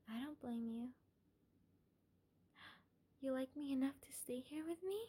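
Young woman as a doting, possessive kidnapper; whispered role-play, high, mellow, airy voice. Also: exaggerated voice. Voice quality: breathy, half-whispered. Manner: gentle, coaxing, calls listener darling. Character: obsessive doting female kidnapper, soft and possessive. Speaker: audio role-play performer.

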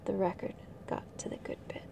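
A woman softly whispering a passage from a book, in a hushed, breathy way. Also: a little fast, recorded from a distance, poor audio. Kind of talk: whispered reading aloud.

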